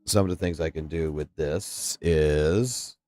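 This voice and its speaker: A man's voice: extremely low pitch, slow, no room sound. A man live-streaming a game and chatting casually with viewers, talking loosely and swearing often. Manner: casual, profane, excitable. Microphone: studio mic through a mixing station.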